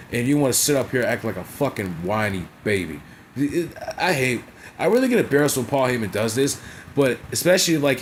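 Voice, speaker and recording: A man's voice: mid-range voice, slight background noise. A man casually recapping a wrestling show in a vlog, blunt and profane, constantly checking in with "right?" and "you feel me?".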